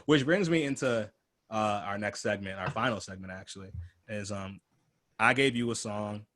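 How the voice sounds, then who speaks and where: A man's voice: lowish voice, normal speed, a bit bright. Laid-back young man hosting a podcast. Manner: loose, rambling, laid-back, heavy filler words. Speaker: podcast host. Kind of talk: casual conversational podcast.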